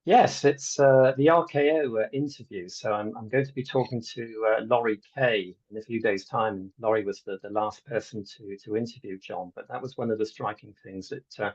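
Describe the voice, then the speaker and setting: A man's voice: lowish voice, normal speed, few pauses, darkish tone, breathy edge, lo-fi sound. A man hosting an interview, asking thoughtful, somewhat hesitant questions. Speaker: podcast host.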